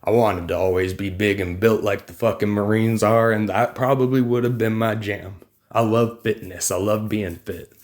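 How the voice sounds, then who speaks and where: A man's voice: fairly low pitch, steady tone, normal speed, darkish tone. A man ranting in a political vlog, combative and mocking, loose and rambling with some swearing. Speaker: vlogger.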